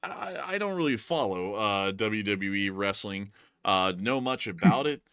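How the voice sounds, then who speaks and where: Male host, bright tense tone, dry close sound, rambling casual commentary. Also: on the low side, expressive, measured pace, smooth, no echo. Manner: rambling, heavy on fillers and restarts. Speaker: news show host.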